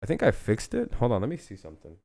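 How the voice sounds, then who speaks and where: A man's voice: on the low side, huge pitch swings, fast, creaky, dark tone, no room sound. A man hosting a casual live football news stream, joking and rambling with plenty of swearing.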